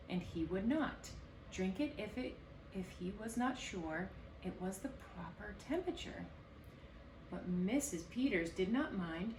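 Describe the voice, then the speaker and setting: Lively woman reading to children. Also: mid-range voice, a little hiss or hum. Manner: lively, expressive read-aloud to kids. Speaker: baker and storyteller. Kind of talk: children's story hour reading. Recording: roomy echo, distant mic, faint ambience.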